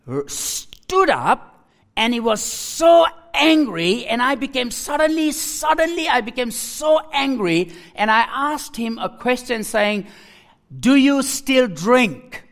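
Man, sermon testimony, slow delivery, emotional, halting, repeats phrases. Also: extremely high pitch, gravelly, fairly bright tone. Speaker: preacher sharing testimony.

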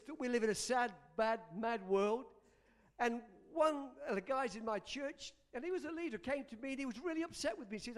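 A man's voice: very high-pitched, a little fast. A male pastor preaching a sermon in an emphatic style, repeating lines for stress.

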